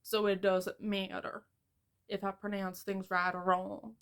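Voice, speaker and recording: A woman's voice: mid-range voice, flat delivery, measured pace, fairly bright tone, clean tone. A young American woman rambling casually and self-mockingly through a book haul, filling her talk with "like". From United States. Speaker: book vlogger.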